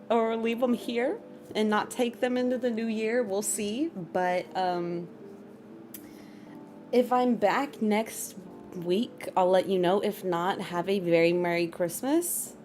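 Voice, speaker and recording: A woman's voice: on the high side, measured pace, dark tone, faint music behind. A young woman streaming casually, reading chat comments aloud and giggling often.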